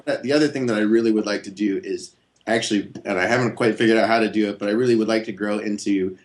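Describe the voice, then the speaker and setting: A man being interviewed as a guest guitarist, talking in a relaxed, rambling way with many fillers and restarts. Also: lowish voice, quick pace. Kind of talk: casual interview chat.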